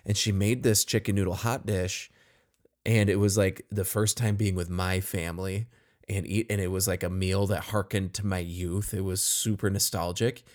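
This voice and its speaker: Lower-voiced man, earnest podcast co-host. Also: fairly even intonation, normal speed. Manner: earnest, laughs often, warm storytelling. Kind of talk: casual podcast chat.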